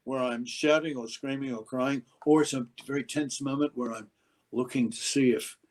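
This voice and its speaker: Animated older man telling set stories. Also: medium pitch, normal speed, poor audio. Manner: animated, acts out quotes with sudden loud outbursts. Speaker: actor guest. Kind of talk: anecdotal interview storytelling.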